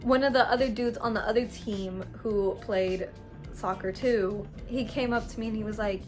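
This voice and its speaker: Young woman, story-time vlogger, slangy, animated, faint music. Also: fairly high pitch, moderate pace. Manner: slangy, animated, dramatic swings in loudness.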